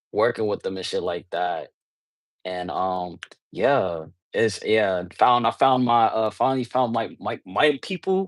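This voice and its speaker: A man's voice: lowish voice, no echo. A young man answering interview questions about his music in a loose, rambling way, full of fillers, slang and restarts. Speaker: underground rapper, interview guest.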